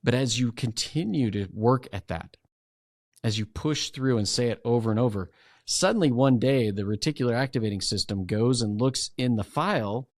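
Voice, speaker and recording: A man's voice: medium pitch, dry recording, clean studio sound. A man guesting on a podcast, explaining ideas in a conversational way and acting out inner voices as he goes. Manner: animated, acts out inner voices while explaining.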